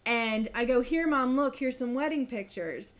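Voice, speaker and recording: Young woman, podcast co-host, lively family storytelling, slightly high voice. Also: moderate pace. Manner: animated retelling, acts out family members' lines. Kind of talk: casual storytelling chat.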